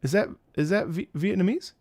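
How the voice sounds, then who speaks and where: During a casual live stream, a thirty-something opera singer banters with viewers and trips over hellos in other languages. He speaks a little fast in a high, husky, slightly mellow voice.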